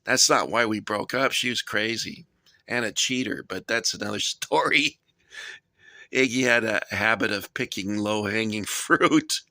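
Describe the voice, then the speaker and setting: A man's voice: lowish voice, unhurried, sharp tone, no room sound, clean studio sound. A middle-aged man hosting a casual vlog, rambling and self-deprecating as he shows off his toy soldier collection. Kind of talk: casual show-and-tell vlog.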